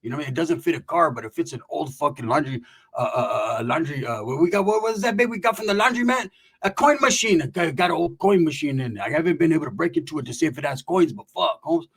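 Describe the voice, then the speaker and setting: Dude putting on a shady ex-con guy, mumbly and low, hushed, raspy, kinda menacing. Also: quick pace, full character voice. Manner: low, muttering, slangy, quietly menacing.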